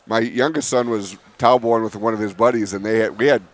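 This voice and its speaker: A man's voice: lowish voice, fairly even intonation. A middle-aged man co-commentating a wrestling meet, giving score updates and short agreements. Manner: terse, quick agreements.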